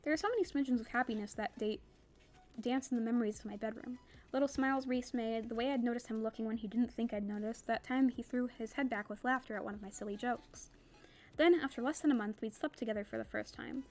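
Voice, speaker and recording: A woman's voice: fairly high pitch, fast, a little mellow. A young woman reading a novel aloud in a plain voice, breaking off now and then for chatty asides. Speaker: reader.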